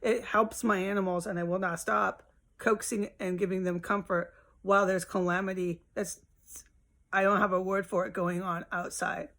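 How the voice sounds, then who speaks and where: A woman's voice: medium pitch, little pitch movement, normal speed, a bit bright. Exasperated woman ranting at home. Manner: rambling, exasperated, profane. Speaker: vlogger. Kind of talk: casual venting monologue.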